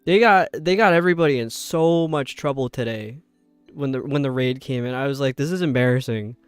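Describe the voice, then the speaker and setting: A young man with a New York accent chatting casually with viewers while streaming, rambling and sounding out words slowly. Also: medium pitch, smooth, no echo. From upstate New York. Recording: dry close mic with faint game music.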